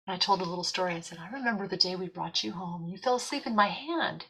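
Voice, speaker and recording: A woman's voice: on the low side, fast, a little hiss or hum, rough recording. A woman in casual chat, telling a story and acting out the voices of people in it. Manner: animated storyteller, acts out quoted voices.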